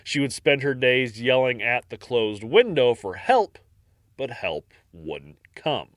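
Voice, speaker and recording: A man co-hosting a podcast, narrating a dark history story with dramatic pauses and laughing easily in banter. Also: mid-range voice, very animated, dry recording, clean studio sound. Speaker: podcast co-host.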